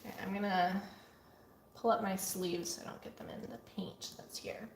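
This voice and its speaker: A woman's voice: medium pitch, steady tone, moderate pace, creaky, slight background noise. Chatty woman vlogging in an echoey studio. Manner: chatty, rambling, soft at times, yawning. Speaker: artist vlogger. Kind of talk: casual vlog talk. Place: home art studio.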